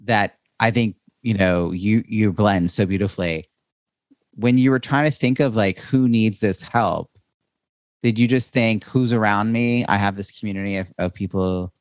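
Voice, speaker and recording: A man's voice: on the low side, fairly even intonation, normal speed, no echo, studio quality. A man hosting an interview, asking long, winding questions full of "you know" and "like". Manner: rambling, long questions full of fillers and restarts. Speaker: podcast host.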